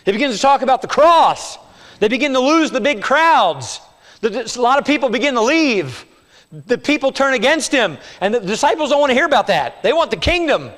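Man, pastor, sermon, high voice, quiet then emphatic, big church reverb. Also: sing-song, brisk. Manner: preaching with swings from quiet to emphatic.

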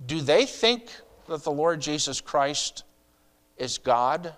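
A middle-aged pastor preaching a sermon in a conversational way, asking the congregation rhetorical questions and adding asides. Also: male voice, fairly high pitch, expressive, takes it slowly, a bit bright.

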